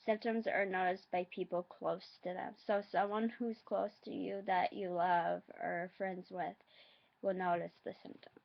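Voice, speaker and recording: A woman vlogger reading facts aloud in a halting, hesitant way, adding her own asides. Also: fairly low pitch, level tone, creaky, lo-fi sound.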